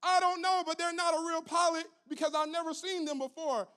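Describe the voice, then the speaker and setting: A flustered female flight attendant, put on by a man, her voice pushed up high and sharp. She blurts out bad news over and over, frantic and clueless, with no answers to give. The bright, tense tone keeps her on edge throughout. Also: level tone, brisk. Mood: panicked. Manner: frantic, repeating herself.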